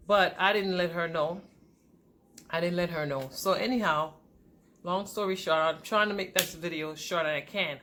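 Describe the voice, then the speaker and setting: A woman vlogger telling her own relationship story to her viewers, candid and conversational, with sharp jumps in pitch and loudness as her feelings rise. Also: moderate pace, a little hiss or hum. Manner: pitch and volume swing widely with emotion. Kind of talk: personal storytelling to camera.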